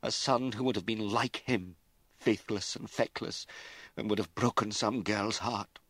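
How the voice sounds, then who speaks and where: A man's voice: on the low side, unhurried, a bit bright, no room sound, voice pushed up. A man reading an audiobook, voicing a middle-aged aristocratic mother who scolds and wails and rises to fury. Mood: bitter. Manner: wailing, scolding, rising to fury.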